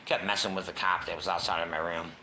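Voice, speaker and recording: A man's voice: sits low, fairly even intonation, fast, pushed and bright, slight background noise. A man candidly telling his own story in a casual, profane way, sometimes dropping to a whisper. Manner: casual, profane, drops to a whisper at tense moments. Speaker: guest sharing his recovery story.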